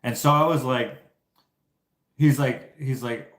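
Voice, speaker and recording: A man's voice: medium pitch, measured pace, a bit bright. A Canadian man telling casual, rambling stories to his viewers, laughing often. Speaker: YouTuber. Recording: echoey room.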